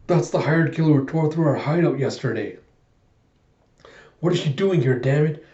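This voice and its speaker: A man's voice: a little high, moderate pace, dark tone, roomy sound, dull audio, lightly acted. A man voicing a brooding male hitman disguised as a waiter in a manga reading. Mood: grim.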